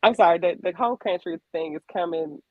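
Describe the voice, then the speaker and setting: A woman's voice: fairly low pitch, quick pace, no echo, phone-quality sound. A woman from Maryland hosting a radio talk show, chatting casually and laughing often. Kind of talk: casual interview chat.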